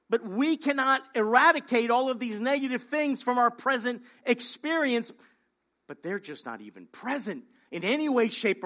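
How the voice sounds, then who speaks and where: High-voiced man preaching emphatically. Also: bright, forceful tone. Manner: emphatic, conversational preaching with rhetorical questions. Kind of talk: sermon.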